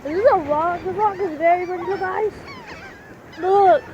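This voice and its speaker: A teenage girl vlogging casually at a beach, excitable and calling out to people nearby, filmed on a handheld phone camera. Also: very high-pitched, measured pace, dull audio. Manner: excitable, shouts at others. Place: windy beach outdoors. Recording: loud wind noise on phone mic.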